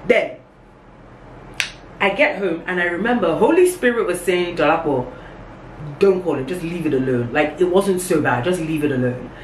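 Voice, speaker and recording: A woman's voice: normal speed, long pauses. A young woman telling a casual story on camera, acting out every quote with big jumps in her voice. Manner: animated, acts out quotes with big pitch jumps. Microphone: camera on a tripod. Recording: echoey room with faint background hum.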